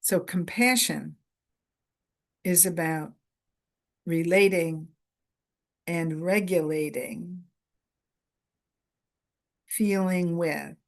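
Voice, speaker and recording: A woman presenter giving a conference lecture in a deliberate way, repeating key phrases in short lists for emphasis. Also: lowish voice. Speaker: workshop presenter.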